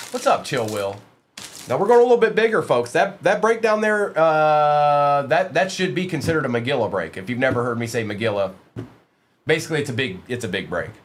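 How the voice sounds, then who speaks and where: A man's voice: mid-range voice, a little hiss or hum. A man hosting a live sports card break, reading out player names from the pulls and chatting casually with viewers in the stream chat.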